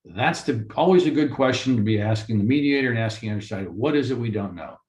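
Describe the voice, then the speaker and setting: A man who works as a mediator gives a lecture-style talk for course credit, animated and ranting, with many rhetorical questions. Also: medium pitch, fast. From Florida. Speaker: mediator and lawyer. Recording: roomy echo.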